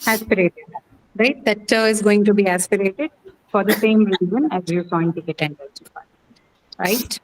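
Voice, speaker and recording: A woman's voice: mid-range voice, moderate pace, poor audio. A woman teaching English pronunciation in a class, quizzing students patiently with many fillers and questions. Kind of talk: online class lecture.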